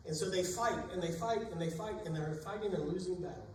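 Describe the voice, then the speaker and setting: High-voiced preacher in an echoey church. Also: male voice, fast, few pauses, darkish tone, a little hiss or hum. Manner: retells Bible stories in plain everyday speech. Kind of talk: sermon. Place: church sanctuary. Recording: echoey room, distant mic.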